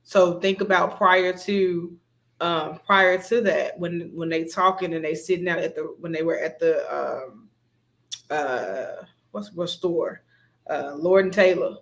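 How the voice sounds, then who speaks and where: A co-host in a casual TV recap chat, speaking in a thoughtful, measured way with hesitant pauses. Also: mid-range voice, vocal fry, fairly bright tone.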